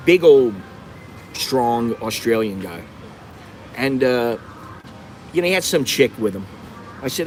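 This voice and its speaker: Recorded on a phone sitting on a windowsill, with city traffic beyond the glass, a foul-mouthed middle-aged man from the U.S. vents in a profane livestream. His mid-range voice comes through with a bit of hiss or hum on rough audio as he wanders bluntly from story to story, cursing constantly.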